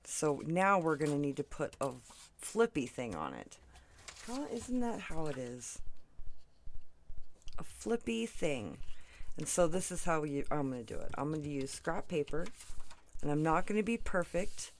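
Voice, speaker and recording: Chatty craft host, voice bounces up and down a lot, keeps going off on tangents and laughing. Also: medium pitch. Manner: rambling, tangents, frequent "right?" and "you know"; laughs often between sentences. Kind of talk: chatty crafting tutorial with storytelling.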